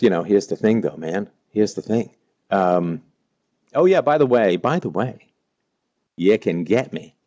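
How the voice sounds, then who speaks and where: Mellow-voiced man hosting a live stream. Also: on the low side, highs cut off. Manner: playful, jokey, reads out chat names. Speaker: livestream host. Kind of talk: casual live-stream chat, greeting viewers.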